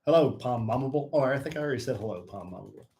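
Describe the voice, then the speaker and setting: A man's voice: mid-range voice, very fast, a little hiss or hum. A middle-aged man co-hosting a live stream, greeting viewers by name and teasing his co-host in casual banter. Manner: playful, teasing, lively banter.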